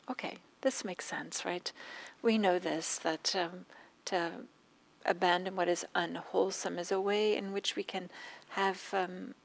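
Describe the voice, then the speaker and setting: Gravelly-voiced woman giving a dharma talk. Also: fairly low pitch. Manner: unhurried storytelling with soft asides, trailing into whispers. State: scratchy throat, coughing. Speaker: meditation teacher.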